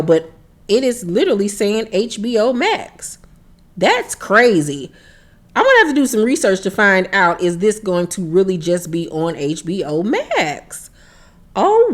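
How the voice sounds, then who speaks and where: A woman vlogger chatting casually to camera, excited and talkative, repeating herself for emphasis. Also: on the low side. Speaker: YouTube vlogger.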